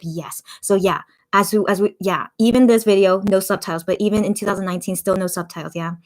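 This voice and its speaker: A woman's voice: mid-range voice, steady tone, brisk, darkish tone. A young woman hosting a casual livestream, chatting emotionally and reading viewer comments aloud. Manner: gushing, emotional, chatty, reads out chat comments. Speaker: livestream host reacting with fans. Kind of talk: casual watch-party livestream.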